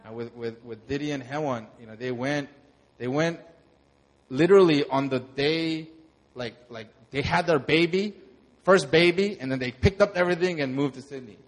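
A young man, a pastor, telling a lively sermon testimony and acting out the moments in his story. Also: a little high, moderate pace. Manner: animated storytelling, acts out shouts.

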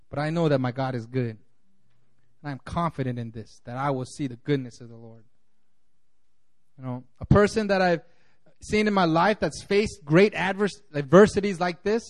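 A man preaching a sermon as pastor, in a conversational way full of "you know", acting out the voices he quotes. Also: fairly high pitch.

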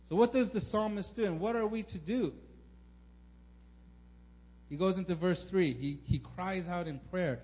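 A young man preaching a casual sermon as a pastor, informal and earnest, full of fillers, sometimes acting out prayers loudly. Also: high voice, measured pace, long pauses. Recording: dull lo-fi recording with faint hum.

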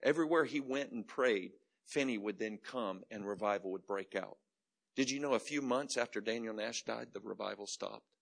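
Middle-aged preacher guy, husky gravelly voice, dramatic storytelling, goes loud then real quiet. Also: on the low side, normal speed. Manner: dramatic storytelling, swinging between loud and hushed. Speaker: pastor. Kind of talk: sermon.

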